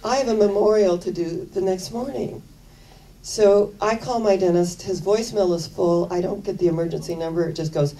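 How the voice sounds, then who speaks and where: Woman minister, low, very mellow voice, chatty storytelling sermon, a little off-mic. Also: moderate pace, recorded from a distance, low-quality recording. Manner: chatty, animated retelling with quoted dialogue.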